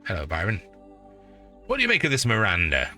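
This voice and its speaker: A man in his forties from northeast England with a northeast English accent, chatting casually while streaming a video game, rambling and swearing freely, with loud excited greetings. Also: fairly low pitch, brisk, music in the background. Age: 40s. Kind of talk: casual live-stream chat.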